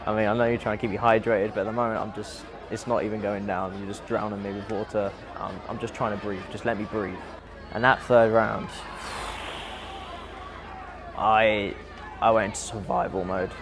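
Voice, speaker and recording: A man's voice: on the low side, moderate pace, crowd noise, background noise. A young man, a boxer, vividly recounting his fight in a documentary interview. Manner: vivid, animated retelling with breathy asides.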